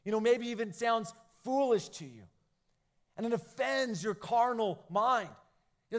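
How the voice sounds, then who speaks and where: High-voiced man preaching to youth. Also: measured pace. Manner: animated storytelling, acts out quoted lines. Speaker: youth pastor. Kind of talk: youth sermon.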